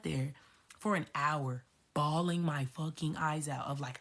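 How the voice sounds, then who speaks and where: A woman's voice: deep voice, fairly even intonation, a little slow, fairly bright tone. A woman coach telling a personal story to her viewers, emphatic and profane, repeating herself for effect. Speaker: spiritual coach. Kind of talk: candid storytelling vlog.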